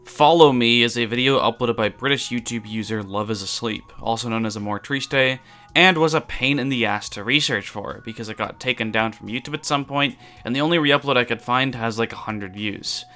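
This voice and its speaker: A man narrates a scripted video with a clean, crisp voice. His delivery is wry and offhand, with casual asides and the occasional swear word played for laughs. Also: medium pitch, fairly quick, bright, forceful tone, faint music behind. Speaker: YouTube iceberg explainer.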